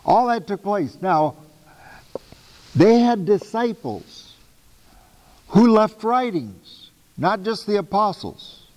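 A man giving a lecture on the Bible to a class, talking in an animated, emphatic way with casual asides and self-corrections. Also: high voice, slow, long pauses, big-room sound, low-quality recording. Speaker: Bible teacher.

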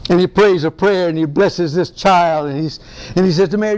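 A man leads a folksy Bible-study sermon. His voice sits high for a man, and he talks in an excitable way, chuckling often. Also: brisk, hardly any pauses, clear, resonant tone. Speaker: preacher.

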